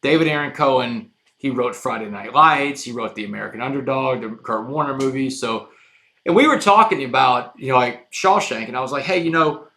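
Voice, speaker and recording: A man recounting his life story as a podcast guest. His voice is bright and forward, pitched in a middle range, and he swings from hushed, low passages to loud, emphatic bursts. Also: fairly quick.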